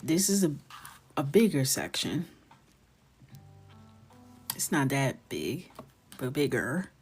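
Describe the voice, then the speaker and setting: A woman hosting a coloring livestream, chatting candidly and dropping into soft asides as she works. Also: a bass voice, very animated, slow pace, soft background music. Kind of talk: casual chat while coloring.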